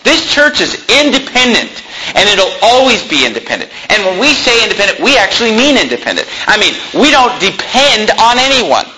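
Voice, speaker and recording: Male pastor mid-sermon: high, bright voice, conversational but combative and emphatic. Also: big pitch swings, a little fast, breathy edge, low-quality recording. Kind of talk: preaching a sermon.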